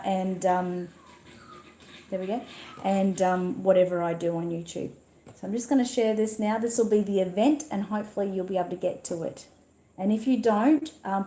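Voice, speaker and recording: A woman's voice: mid-range voice, warm tone, echoey room, slight background noise. An Australian woman hosting a casual livestream, chatting and reading viewer comments aloud at her computer. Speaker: livestream host.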